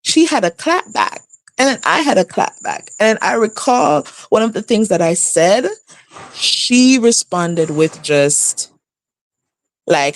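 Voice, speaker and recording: A woman in her thirties telling a personal story casually on a live stream, laughing often and jumping high in pitch for emphasis. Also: very animated, unhurried, dry recording. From outside the U.S. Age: 30s. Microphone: live stream setup.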